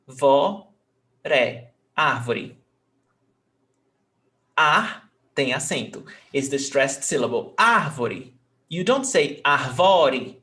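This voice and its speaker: A man's voice: a little high, fairly bright tone. A man, teaching an online language lesson patiently, repeating words and checking in with "ok?". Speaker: Portuguese teacher.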